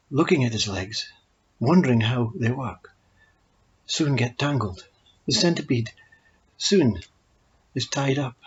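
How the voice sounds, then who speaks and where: A man telling short parables in a calm, measured storytelling voice. His voice is husky and breathy. The recording is dull and lo-fi. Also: mid-range voice. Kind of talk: spoken parables.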